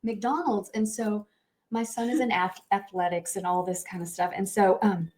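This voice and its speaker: A woman's voice: mid-range voice, moderate pace, darkish tone. A middle-aged woman co-hosting a podcast, sharing a personal story in an emotional, earnest way with lots of fillers. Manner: emotional, earnest, tells stories with many fillers. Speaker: podcast co-host. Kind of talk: candid conversational storytelling.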